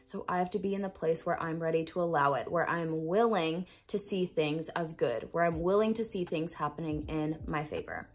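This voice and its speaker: Lowish husky woman talking straight to camera about mindset, earnest and emphatic, repeats stuff for emphasis. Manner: casual, swears now and then. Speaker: manifestation coach. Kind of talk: motivational self-help talk to camera.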